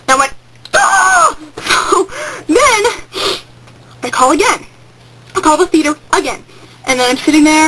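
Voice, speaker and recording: A woman's voice: sits high, a bit bright, slight background noise, poor audio. A teenage girl telling a rambling story on a home webcam vlog, hyper and jumping into sudden squeals. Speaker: vlogger. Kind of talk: casual excited vlog storytelling.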